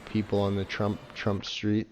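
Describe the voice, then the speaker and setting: A man's voice: on the low side, completely flat delivery, measured pace, a little mellow, faint music behind. A man giving casual, sarcastic, swear-heavy commentary while playing and reviewing a game. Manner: sarcastic, swears a lot, mocking laughs. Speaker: gameplay reviewer. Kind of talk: casual profane commentary over gameplay.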